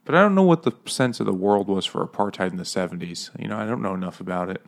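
Male co-host, somewhat low voice, musing casual book chat. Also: animated, fast. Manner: thinking aloud, unsure. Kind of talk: casual chat over beers.

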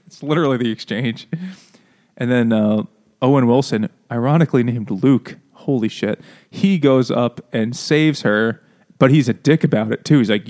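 A man's voice: medium pitch, normal speed, darkish tone. A man co-hosting a casual book club podcast, retelling the story with joking mock quotes. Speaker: podcast co-host.

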